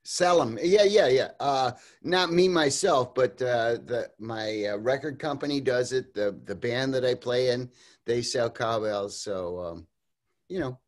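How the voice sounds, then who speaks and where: A man's voice: mid-range voice, measured pace. An older man as an interview guest, talking casually over a video call, rambling with lots of fillers and restarts and laughing often.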